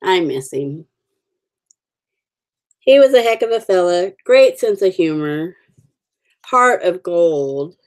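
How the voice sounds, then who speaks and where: A woman in her forties chats casually with viewers on her livestream, rambling in a friendly way with plenty of fillers. Her low-leaning voice is expressive and a little slow.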